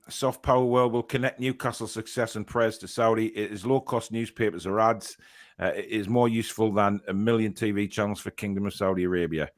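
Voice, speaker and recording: A young man hosting a casual fan podcast, reading viewer comments aloud with lots of fillers and quick reactions. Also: lowish voice.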